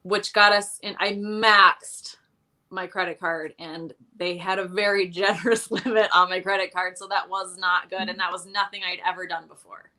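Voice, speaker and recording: A woman's voice: mid-range voice, fairly even intonation, moderate pace, bright, forceful tone. A woman guest in casual interview chat, telling her money story candidly with a self-deprecating streak and many fillers.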